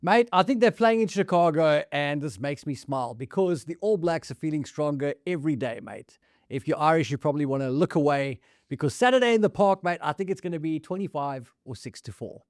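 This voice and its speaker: A man's voice: a little high, expressive, a little fast, no room sound, clean studio sound. A man co-hosting a casual rugby chat, bantering and saying "mate" constantly. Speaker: rugby podcast co-host.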